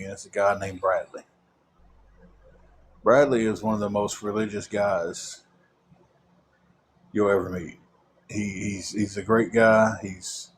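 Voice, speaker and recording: A man's voice: lowish voice, a little hiss or hum. A young man telling a long personal story in a rambling way, with many fillers and repeated words.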